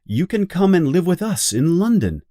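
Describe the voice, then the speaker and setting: A man voicing a caring, motherly young girl in a storybook reading, earnest and gentle. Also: high-pitched, sing-song, normal speed, no echo, studio quality, pitched above the performer's own voice.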